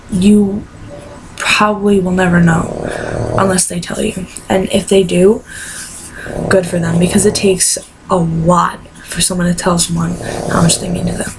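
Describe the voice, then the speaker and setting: A woman's voice: on the low side, creaky. A teenage girl telling a personal story in an emotional vlog, tearful and rambling. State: crying. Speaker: vlogger. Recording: noisy home recording.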